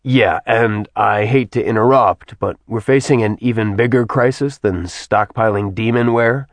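A man voicing a tired, blunt former god in a low, plain voice. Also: a little slow, no echo. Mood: weary. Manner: dry, weary, blunt. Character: weary ancient male ex-god, gruff.

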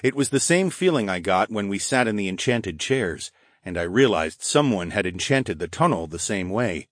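A man narrating a first-person audiobook in steady, even storytelling from a close mic. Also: normal speed, no echo. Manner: steady, even storytelling, voicing dialogue slightly higher.

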